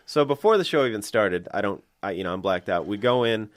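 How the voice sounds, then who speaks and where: A man's voice: on the low side, expressive, a little fast, no room sound. A man, a comedian guest from the US Midwest, telling rambling, laid-back stories in a casual podcast chat.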